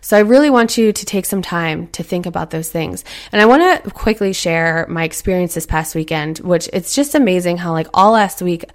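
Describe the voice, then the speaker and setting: A woman's voice: lowish voice, moderate pace, hardly any pauses. A woman in her thirties hosting a casual motivational talk, chatty and earnest, acting out inner voices as she goes. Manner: earnest, encouraging.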